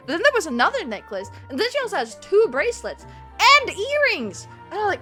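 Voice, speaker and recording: A woman's voice: very high-pitched, sing-song, fast talker, over music. A woman live streamer chatting casually with her viewers and telling a rambling story, laughing often.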